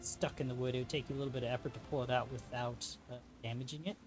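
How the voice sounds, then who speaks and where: A man narrating as game master of a tabletop game, pausing often with ums and uhs. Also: medium pitch, fairly even intonation, over music. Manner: halting, many ums and uhs.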